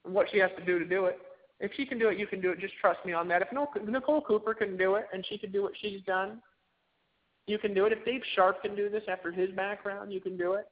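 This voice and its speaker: A man's voice: high-pitched, fairly even intonation, fast talker. A man giving an emphatic, repetitive motivational pep talk to a group on a conference call. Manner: emphatic, repetitive, preachy exhortation. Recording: tinny phone line.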